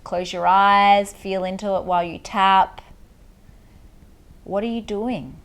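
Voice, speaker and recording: A woman coaching listeners through a guided tapping meditation, giving slow, soothing instructions and affirmations. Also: medium pitch, steady tone, fairly bright tone, clear, resonant tone.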